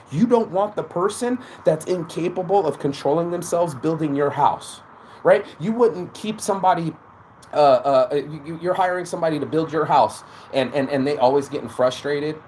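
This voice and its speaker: A man's voice: a little high, a little mellow, slight background noise. A man hosting his own show, talking in a rambling, profane motivational monologue full of restarts and quoted asides. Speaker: podcast host.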